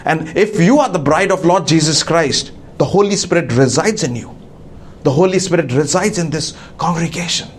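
Halting male preacher, slightly high voice. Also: a little hiss or hum. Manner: halting, many fillers and restarts. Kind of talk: sermon. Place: church.

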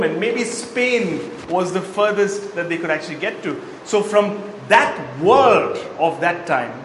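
A man's voice: a little high, fairly bright tone, a little hiss or hum. A man preaching a sermon, reading Bible verses aloud and explaining them to the congregation. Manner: expository Bible teaching with verse readings and asides. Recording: echoey hall, faint ambience.

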